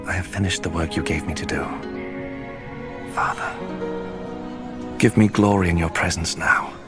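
A reverent, English-accented Jesus prays to his Father in a low, unhurried voice, as a man plays him on film. Each line is spoken with solemn calm, and a film score swells beneath him. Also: close to an everyday voice. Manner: slow, solemn, reverent prayer. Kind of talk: film drama. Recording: film clip with music underneath.

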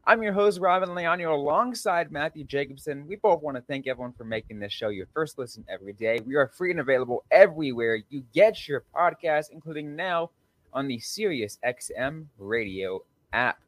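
A man's voice: on the high side, animated, normal speed, no echo. Upbeat male podcast host, dry sound. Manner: upbeat opening, then loose hesitant chat with fillers. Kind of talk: casual sports podcast chat.

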